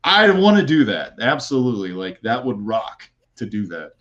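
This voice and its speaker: A man's voice: medium pitch, very animated, moderate pace, a bit bright, highs cut off. A man chatting as a podcast guest, rambling and playful, with many fillers and restarts. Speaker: guest, content creator. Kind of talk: casual podcast chat.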